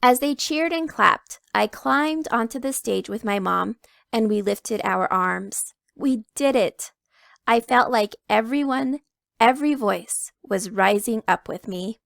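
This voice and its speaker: Gravelly-voiced woman reading a storybook. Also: fairly high pitch, measured pace, no echo, studio quality. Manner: expressive, emphatic picture-book reading. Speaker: children's book reader. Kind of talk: read-aloud storytelling.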